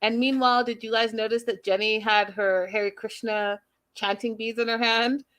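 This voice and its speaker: This is a young woman hosting a casual reality TV recap, and she talks with a sassy, animated edge. Her voice sits a little on the high side. She keeps slipping into the voices of the people she is recapping. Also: normal speed. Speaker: recap show host.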